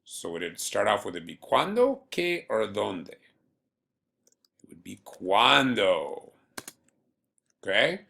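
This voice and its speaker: A man teaching a beginner Spanish lesson to students at home, speaking patiently and slowly and repeating words for learners. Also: fairly low pitch, very animated, gravelly, bright, forceful tone. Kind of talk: recorded remote classroom lesson.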